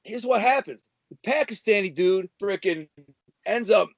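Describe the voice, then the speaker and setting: A man's voice: sits high, moderate pace, no room sound. Brash man with a dry close sound. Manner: brash, swaggering, slangy. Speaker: guest telling prison-life stories. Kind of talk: casual storytelling.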